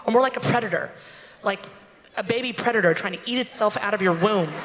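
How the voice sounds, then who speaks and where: A woman telling a comic true story on stage at a live storytelling show, animated and acting out quotes. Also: mid-range voice, quick pace. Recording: long hall reverb with faint noise.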